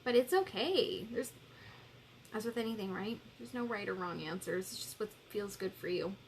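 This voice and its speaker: A woman's voice: medium pitch, animated, normal speed, a little hiss or hum. A woman in her thirties hosting a live coaching stream, tearful and candid, swearing freely as she reads viewers' comments. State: tearful, crying while talking.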